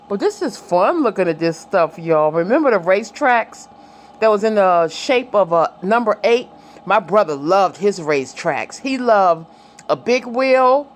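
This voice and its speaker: A woman's voice: mid-range voice, lively intonation, measured pace, slight background noise. A middle-aged woman vlogging in a casual, chatty way, telling stories, laughing often and talking to her viewers and a child. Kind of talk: casual chat, reminiscing.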